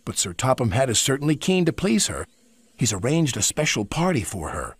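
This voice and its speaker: A man voicing Thomas, a cheerful little engine who talks in a bright, chatty way. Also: mid-range voice, very animated, brisk, husky, no room sound.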